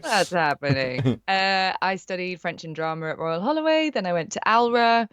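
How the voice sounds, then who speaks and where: A woman's voice: fairly low pitch, lively intonation, normal speed, fairly bright tone, lo-fi sound, slight background noise. A young adult woman from Wales, a voice actor, chatting in a casual interview with a faint Welsh accent and a bubbly, enthusiastic manner. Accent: faint Welsh, mostly neutral British. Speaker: voice actor guest.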